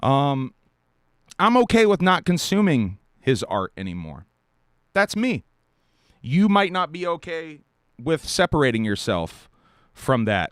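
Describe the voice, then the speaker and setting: A man from South Carolina hosts a live stream, talking bluntly and with plenty of profanity. His pitch swings widely and sits a little high, and his mouth sounds dry. The room sound is dry and close. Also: big pitch swings, unhurried, long pauses, a bit bright, no echo. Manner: blunt, profane, emphatic with short laughs. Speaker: podcast host. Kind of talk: live-stream commentary rant.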